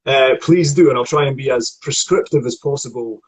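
A man's voice: medium pitch, a little fast, husky, poor audio. A man with a Scottish accent, a voice coach explaining acting technique in a chatty way with many restarts. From Scotland. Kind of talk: online acting lesson conversation.

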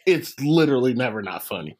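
A husky-voiced man in casual conversation. His pitch leaps all over as he laughs and quotes favorite scenes, very animated. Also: quick pace. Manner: laughs a lot, animated quoting. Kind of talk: casual chat.

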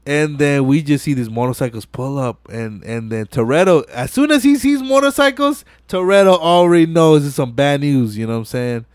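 A man's voice: a little high, expressive, moderate pace, few pauses, dry recording, clean studio sound. A young man hosting a podcast, retelling a film scene by scene in a slangy, profane, casual way with lots of filler phrases. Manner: slangy and profane, keeps saying "you know what I'm saying". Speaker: podcast host. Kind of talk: casual movie recap chat.

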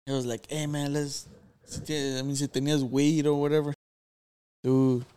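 A man's voice: mid-range voice, flat delivery, normal speed, mellow, smooth. A young man telling a rambling story to friends, hesitant and full of fillers. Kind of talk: casual storytelling, mixing Spanish.

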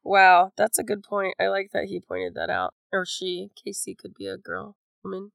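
A woman co-hosting a casual book podcast, chatty and loose, with many "like"s and "you know"s. Her voice sits at a medium pitch. The sound is dry and close. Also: very animated, normal speed, gravelly, dry recording. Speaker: podcast co-host. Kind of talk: casual chat.

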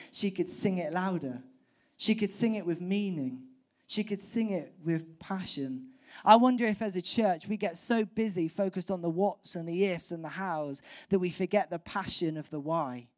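A woman pastor preaching a sermon, animated and acting out voices from the story. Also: on the low side, dry recording, studio quality. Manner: animated, acts out voices of biblical crowds.

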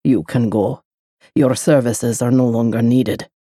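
A woman voicing a menacing, brooding Scottish man with a deep, dark, growled voice. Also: fairly even intonation, a little slow, no room sound, clean studio sound. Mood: cold dismissal. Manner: low, threatening delivery.

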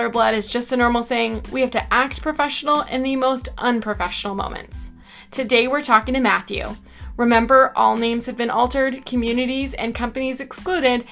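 A woman's voice: fairly high pitch, gravelly, fairly bright tone. A woman hosting a podcast, reading an upbeat scripted intro with faint music underneath. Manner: upbeat, announcer-like delivery. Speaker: podcast host. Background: faint background music.

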